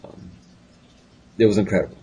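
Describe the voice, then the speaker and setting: A man's voice: moderate pace, dark tone. A man co-hosting a casual comedy chat, stammering and restarting as he piles on absurd claims with a straight face. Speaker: podcast co-host.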